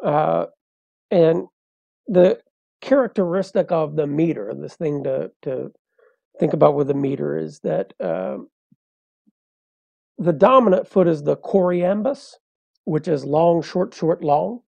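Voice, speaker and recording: A man's voice: a little high, a little slow, gravelly, pauses often, darkish tone, no room sound, highs cut off. A man, a poet and translator, explaining things step by step in a professorial way as a guest in an interview. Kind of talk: interview conversation.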